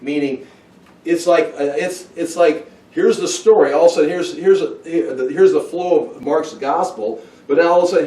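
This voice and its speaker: Man, Bible study teacher, somewhat high voice, thinking aloud, restarts and asides. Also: dark tone. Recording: roomy, from far off the mic.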